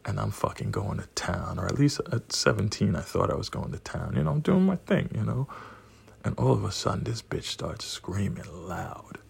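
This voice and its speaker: A man's voice: on the low side, big pitch swings, moderate pace. A man in his forties telling a profane, rowdy personal story and laughing at his own punchlines. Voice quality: gravelly, husky voice.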